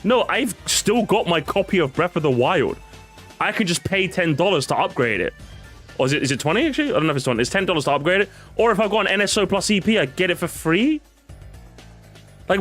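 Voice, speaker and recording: Male streamer, casual react-stream talk, swings his pitch all over, laughs a lot. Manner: excitable, laughs often, swears casually.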